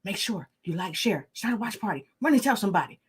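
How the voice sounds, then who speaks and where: A woman's voice: mid-range voice, fast, slightly rough. A woman hosting an online talk show, hyping viewers with playful call-outs and repeated chants. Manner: animated, hypes the audience, chanting and call-outs. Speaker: host.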